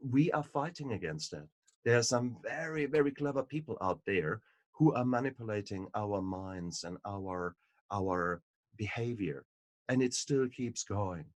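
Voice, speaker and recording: A man and book author in an interview conversation, telling stories in an animated, emphatic way. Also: medium pitch, a little slow, dry recording. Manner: animated storyteller, emphatic and repetitive.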